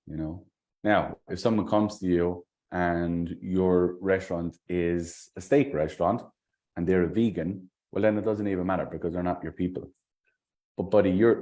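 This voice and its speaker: A man's voice: sits low, mellow. A man working as a sales coach, giving a blunt, scolding critique and swearing often.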